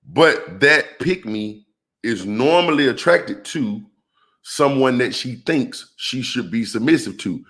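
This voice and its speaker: A man giving an animated monologue on relationships, calling out to his viewers like a preacher and asking rhetorical questions. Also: medium pitch, slow. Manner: preacher-like call-outs to the audience. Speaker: relationship commentator.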